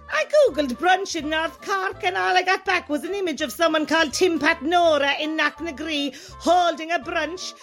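A woman's voice: sits high, bright, forceful tone. A woman voicing a grumpy rural woman caller in a comedy radio sketch, sour and sarcastic.

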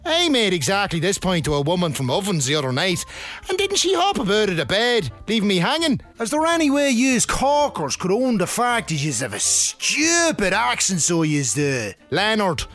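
A man's voice: high voice, wildly swooping pitch, normal speed, fairly bright tone, faint music behind, heavily acted. An actor playing a cocky, boastful man from Dundalk in a comedy radio sketch. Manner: boastful, aggrieved.

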